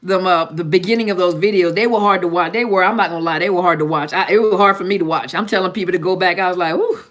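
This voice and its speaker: A woman's voice: lowish voice, quick pace, fairly bright tone. A woman therapist hosting a live-stream Q&A in a casual, joking tone, often repeating herself and laughing. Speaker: therapist and channel host.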